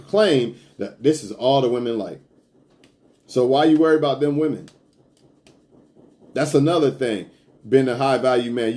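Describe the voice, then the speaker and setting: A man's voice: medium pitch, a little mellow. A man giving a casual, preachy monologue as a self-improvement vlogger, blunt and profane, speaking straight to his viewers. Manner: blunt, profane, lecturing, addresses viewers as y'all.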